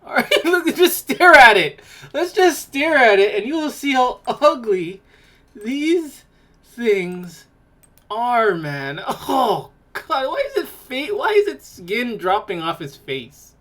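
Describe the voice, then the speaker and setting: A woman's voice: on the high side, big pitch swings, slow pace, fairly bright tone. A woman hosting a podcast, giving casual reaction commentary in a mocking, exclaiming way and laughing in disgust. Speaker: podcast host.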